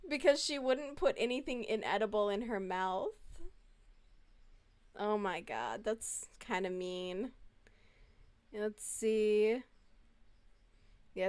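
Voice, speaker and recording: A woman chats casually on a home live stream, answering messages from chat. Her voice is smooth and clear, sitting at an ordinary middle pitch. She talks loosely and swears freely. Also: measured pace, long pauses, darkish tone.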